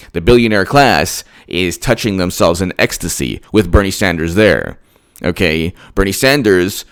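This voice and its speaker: A man giving emphatic political commentary straight to his audience, repeating himself and firing off rhetorical questions. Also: on the low side.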